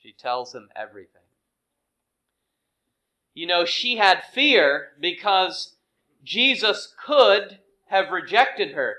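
Slow, bright-voiced male preacher. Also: high-pitched, big pitch swings, low-quality recording. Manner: slow, earnest, with dramatic soft drops. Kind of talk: sermon.

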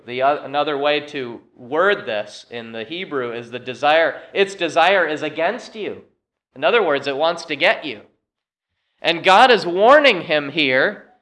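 A man preaches in earnest, pressing points loudly and then dropping to a hush. His voice is bright and forceful and sits a touch high. It is a sermon delivered with conviction. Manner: earnest, emphatic preaching that swings between loud and hushed. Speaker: pastor.

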